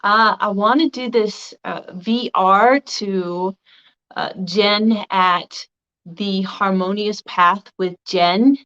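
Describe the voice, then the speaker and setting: A woman's voice: mid-range voice, fairly even intonation, slow, fairly bright tone, smooth. Woman, vlogger, casual video response, slightly crackly voice, meandering, muffled lo-fi recording. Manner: rambling, meandering delivery. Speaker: video blogger. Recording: dull lo-fi recording.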